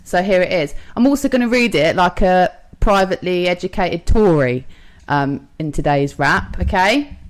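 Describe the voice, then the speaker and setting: A woman's voice: lowish voice, lively intonation, normal speed. A young woman co-hosting a podcast in casual, jokey chat, swearing freely and laughing often. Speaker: podcast co-host.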